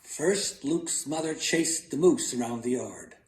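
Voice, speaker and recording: A man reading a children's story aloud in an animated, theatrical way. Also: medium pitch, unhurried. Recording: roomy echo.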